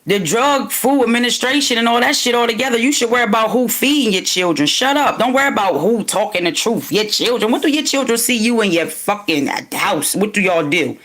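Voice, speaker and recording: A woman's voice: fairly high pitch, lively intonation, a little fast, hardly any pauses, a bit bright. A woman from Wilmington, Delaware, ranting in an unscripted livestream monologue, profane and talking straight at her viewers. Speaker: livestream host.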